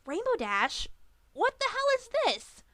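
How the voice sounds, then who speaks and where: A woman voicing a brash, furious young female griffin in a fan audiobook reading, shouting and confrontational with slangy talk. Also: sits high, expressive, moderate pace, dry recording, pitched above the performer's own voice.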